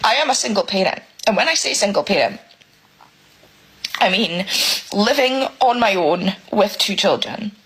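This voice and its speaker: A British woman ranting emotionally in a selfie vlog about money, swearing and halting as she speaks. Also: mid-range voice, lively intonation, fairly bright tone, breathy edge, poor audio. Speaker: single parent venting.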